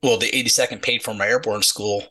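On a podcast, a middle-aged retired Army sergeant casually tells a story, animatedly acting out the people in it and repeating "he's like" many times. He talks fast in a lowish voice, and the recording is low quality.

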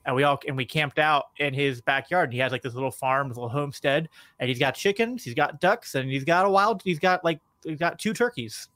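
A man's voice: on the high side, a little fast, few pauses, sharp tone, no room sound. A man guesting on a podcast, chatting casually and rambling, with lots of "like" fillers. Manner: rambling, heavy use of filler "like". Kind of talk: casual chat.

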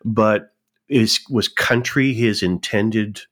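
A man hosts a relaxed interview with a slightly low voice. He talks conversationally and poses questions to his guest. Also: slow pace. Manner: conversational, asks questions, with short backchannels. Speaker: podcast host. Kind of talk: casual interview chat.

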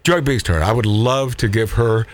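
A man's voice: medium pitch, normal speed, dry recording. A man hosting a talk radio show, brash and mocking, often stumbling over his words. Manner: brash, mocking, stammering restarts. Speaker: radio host.

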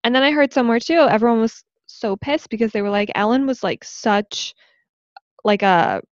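A woman's voice: on the high side, normal speed, dry recording, muffled recording. A young woman in her twenties co-hosting a casual podcast, easygoing and agreeable, peppering her talk with "yeah" and "like". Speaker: podcast co-host. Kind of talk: casual chat.

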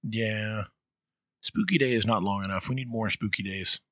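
A man co-hosting a podcast, bantering casually with teasing jokes and quick laughs. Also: lowish voice, bright, forceful tone, dry recording, clean studio sound. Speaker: podcast co-host.

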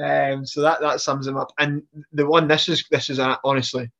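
A man telling stories in an animated, casual way, laughing now and then and often starting his sentences over. His voice sits a little high for a man. The recording sounds dull and slightly muffled. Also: moderate pace, creaky. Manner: animated, laughs through stories, frequent restarts. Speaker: podcast guest, wrestler. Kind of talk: casual storytelling.

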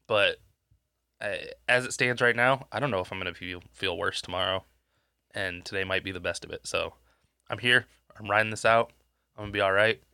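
Sick and congested, a male podcast co-host rambles and swears through casual chat, losing his train of thought along the way. His fairly low voice is brisk, pushed and bright yet smooth. It's a dry, studio-quality recording on a podcast microphone.

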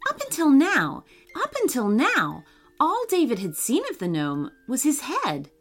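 Slow, lively woman reading a storybook. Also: high voice, faint music behind. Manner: reads slowly, puts on voices for characters.

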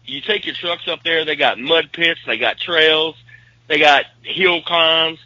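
A man's voice: on the high side, a little slow, sharp tone, no echo, highs cut off. A man with a Southern US accent, co-hosting a podcast in laid-back, casual banter. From American South. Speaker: podcast co-host.

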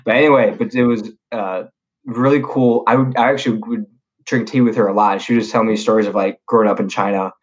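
This young man is a guest on a podcast, telling stories in a relaxed, slangy chat full of fillers and false starts. His voice sits on the low side and stays steady while he talks quickly, and the audio is lo-fi.

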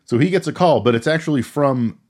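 A man co-hosting a casual movie podcast, rambling through the plot with laughs and quick character impressions. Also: mid-range voice, darkish tone. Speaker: podcast co-host. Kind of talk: casual movie recap chat.

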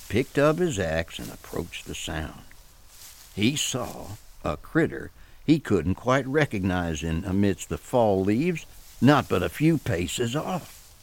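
A man tells a spooky campfire folk tale in a folksy, unhurried way. His voice has a gravelly, creaky edge and swings widely in pitch as he builds suspense. The delivery is slow and deliberate. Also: sing-song. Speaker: storyteller. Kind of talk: scripted folk tale narration.

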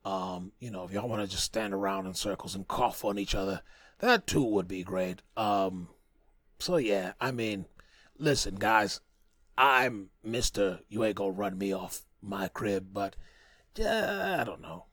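Low-voiced rambling male podcast host. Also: animated, unhurried, fairly bright tone, no echo. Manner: rambling, profane and joking, many fillers and restarts. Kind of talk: casual podcast monologue.

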